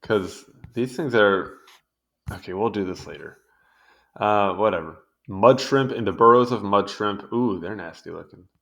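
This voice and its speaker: A young man with a fairly low voice reads through an encyclopedia page in a loose, casual way. He keeps wandering off into amused side comments. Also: a little slow, creaky, a bit bright. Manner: rambling, easily sidetracked, amused asides. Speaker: video host reading a wiki article. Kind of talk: casual read-along commentary.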